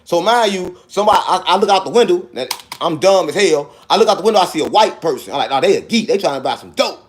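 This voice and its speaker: A man telling a wild personal story in casual speech, acting out the dialogue and punctuating it with sound effects. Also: fast talker. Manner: animated, acts out dialogue with sound effects like "boom".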